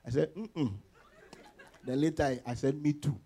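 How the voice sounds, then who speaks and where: A man preaching a sermon as pastor, animated, laughing often and acting out quoted voices. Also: on the high side, moderate pace, vocal fry, slightly rough.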